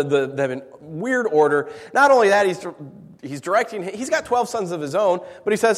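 A male pastor delivers a sermon in an animated way, slipping into quick voices to act out a story. His voice sits a little high for a man. The room around him rings with a long hall reverb. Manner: animated, acts out voices in anecdotes.

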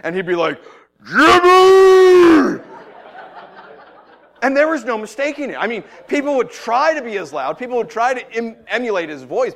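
A male pastor preaching with a high, very lively voice that leaps up and down as he tells stories. He acts out shouted voices and then drops to a hushed, soft delivery for the message and prayer. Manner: animated storytelling, acting out shouting voices. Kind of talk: sermon.

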